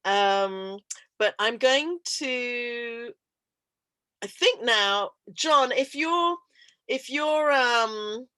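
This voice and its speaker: A woman's voice: fairly high pitch, lively intonation, drawn-out words, pushed and bright, no room sound. A woman with an English accent hosting an online event over a video call, chatty, laughing often and full of fillers. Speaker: host. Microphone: computer mic on video call.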